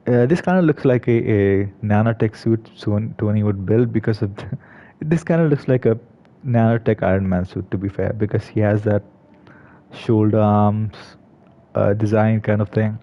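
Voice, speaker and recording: A man's voice: lowish voice, moderate pace. A man giving casual commentary on a game, hesitant, with many fillers and restarts. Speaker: gaming video creator. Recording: slightly dull lo-fi recording.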